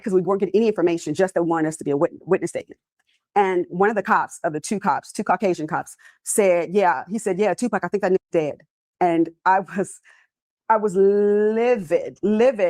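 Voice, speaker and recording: Woman in her fifties, trial witness, rapid candid testimony, low-set voice. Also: no room sound. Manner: candid, conversational storytelling. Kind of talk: courtroom testimony.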